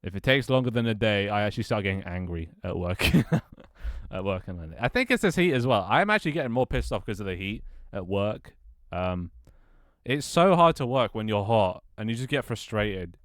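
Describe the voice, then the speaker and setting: A British live streamer grumbles and swears between easy laughs while chatting casually. His low voice is smooth, resonant and fairly bright, with a sing-song lilt at a moderate pace. It's recorded dry and close on a desk mic in a small room at home, with no room sound.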